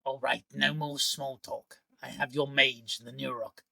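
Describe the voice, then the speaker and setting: A man's voice: medium pitch, steady tone, unhurried, gravelly, bright, forceful tone, no echo, full character voice. A man voicing a cold, menacing male villain who speaks through a severed head with a sneering, taunting manner.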